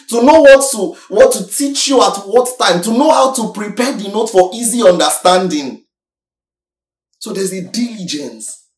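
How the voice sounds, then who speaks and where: A preacher giving an emphatic sermon who repeats points, swings between loud and soft, and keeps asking listeners to agree. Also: medium pitch. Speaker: preacher teaching a congregation. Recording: echoey hall, voice from far off the mic.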